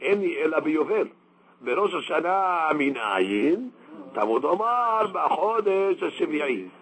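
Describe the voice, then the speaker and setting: A man's voice: a little high, sing-song, unhurried, fairly bright tone, breathy edge, poor audio. A man teaching a daily Talmud class, explaining step by step and mixing Aramaic quotes with English.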